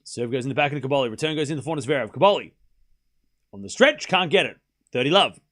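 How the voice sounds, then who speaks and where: Male stream host, casual tennis watchalong, lively pitch that jumps on big points. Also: quick pace. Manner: chatty, jumps between calling points and thanking viewers. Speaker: livestream host.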